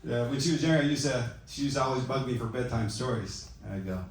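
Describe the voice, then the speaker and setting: A middle-aged man doing a stand-up comedy set, delivering deadpan self-mocking one-liners. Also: medium pitch, fast talker. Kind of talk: open-mic stand-up set. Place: comedy club stage with audience. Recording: echoey club from far off, loud noise. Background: audience laughter.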